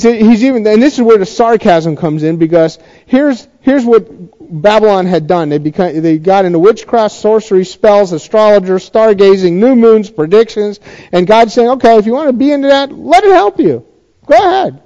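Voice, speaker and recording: A man's voice: sits high, warm tone, highs cut off. A man teaching verse by verse from scripture in a conversational way, often restarting and checking in with his listeners. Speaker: pastor teaching a Bible study.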